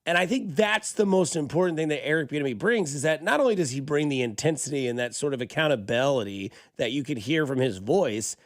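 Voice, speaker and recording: A man hosting a sports talk radio show, chatting casually and getting animated as he argues a point. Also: a little high, a little fast, few pauses, no echo, clean studio sound. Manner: conversational, animated when imitating a yelling dad. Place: radio studio. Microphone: studio microphone.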